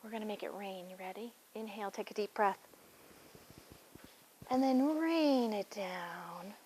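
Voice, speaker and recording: A woman's voice: medium pitch, lively intonation, moderate pace, a little mellow, a little hiss or hum, poor audio. A young adult woman guiding a children's yoga class with playful, sing-song encouragement.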